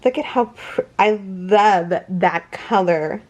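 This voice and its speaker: A woman in her thirties talks through a casual unboxing vlog, slowly and with plenty of pauses. She gushes with thanks, sounds moved almost to tears, and keeps stopping partway through a sentence to begin it again. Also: mid-range voice, darkish tone, lo-fi sound. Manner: emotional, gushing, effusive thanks; halting, restarts often. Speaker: crochet channel host.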